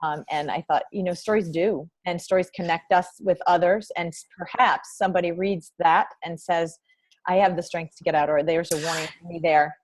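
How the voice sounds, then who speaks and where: A woman's voice: on the low side, fairly even intonation, brisk. A woman hosting an interview, speaking in a supportive, reflective, conversational way. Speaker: interviewer, host.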